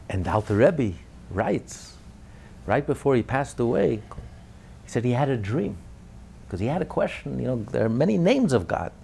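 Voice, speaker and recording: A rabbi delivering a Torah lecture, his pitch swinging widely. He is emphatic, rising to loud declarations and sinking to quiet asides, with Hebrew terms woven through his teaching. His voice sits in a middle register for a man. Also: gravelly, husky.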